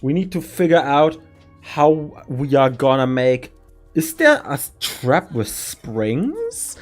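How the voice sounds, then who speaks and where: A man from Germany, a native German speaker, hosting a stream and planning a campaign as game master, rambling and giggly with quick bursts. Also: mid-range voice, big pitch swings, soft background music.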